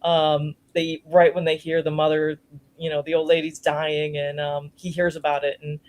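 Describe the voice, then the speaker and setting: A woman's voice: low-pitched, little pitch movement, moderate pace, darkish tone. A woman co-hosting a casual podcast, reviewing a film with frequent laughs and mild slang. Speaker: podcast co-host. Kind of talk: casual chat, movie review.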